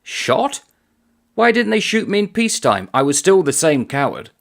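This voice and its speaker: A man voicing a cowardly, quick-witted army gunner who protests and answers back cheekily. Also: mid-range voice, sing-song, voice pushed up. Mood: cheeky.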